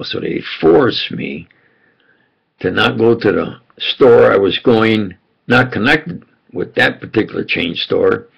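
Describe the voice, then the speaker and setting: Gravelly older man rambling on. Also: lowish voice, lo-fi sound. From United States. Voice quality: gravelly, husky. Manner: meandering, with frequent fillers and restarts. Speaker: self-styled preacher recounting memories. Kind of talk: rambling spontaneous monologue.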